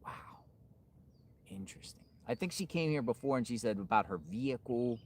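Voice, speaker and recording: Excitable man streaming live outdoors. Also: mid-range voice, fast, slight background noise. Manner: excitable, rambling retelling. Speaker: livestream host. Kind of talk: live on-location commentary.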